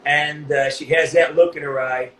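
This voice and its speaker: A man's voice: on the high side, steady tone, moderate pace, pushed and bright. A man who voices a game character, telling an emotional story in a casual interview, swearing freely and restarting often. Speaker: voice actor guest. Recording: echoey room with faint background noise.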